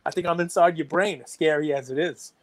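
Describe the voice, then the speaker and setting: Fast-talking excitable middle-aged man. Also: on the high side, no room sound. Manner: excitable, rambling, self-described runaway train. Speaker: podcast co-host. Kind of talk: casual podcast chat.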